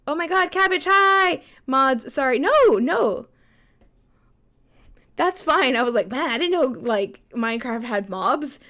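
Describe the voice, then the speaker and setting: A woman's voice: high voice, lively intonation, measured pace, pushed and bright. A young woman streaming live, chatting with her viewers while reading a story game aloud. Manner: chatty, reads game text aloud, answers chat.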